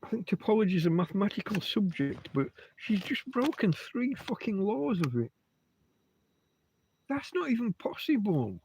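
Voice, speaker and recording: Sweary man, lively high voice. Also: moderate pace, slight background noise. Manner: heavy swearing, rambling asides. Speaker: livestream host. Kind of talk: casual rambling chat. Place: in bed at home.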